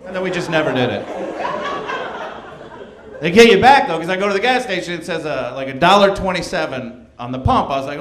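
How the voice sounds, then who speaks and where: Wry, rambling stand-up comic in a roomy club. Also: male voice, high voice, expressive, fairly quick, background noise. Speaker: stand-up comedian. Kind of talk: stand-up routine.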